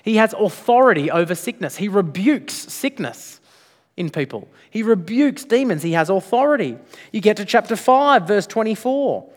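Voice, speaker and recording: A man preaching to his congregation in a church sanctuary, his voice sitting slightly high for a man. He presses his points hard and keeps tossing rhetorical questions back at the listeners. The sound carries a long reverb tail from the large room. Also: sing-song, moderate pace. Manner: emphatic, with frequent rhetorical questions. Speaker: pastor. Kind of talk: sermon.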